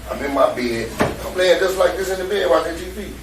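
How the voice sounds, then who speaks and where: A man giving a statement to detectives, telling his account in profane, animated slang. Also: a little high, quick pace, far from the mic. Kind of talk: police interview statement. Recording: echoey noisy room from afar.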